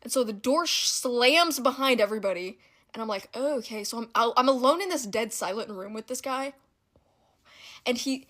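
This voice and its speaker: A young woman telling a casual story-time anecdote in an animated, giggly and indignant way. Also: fairly high pitch, moderate pace.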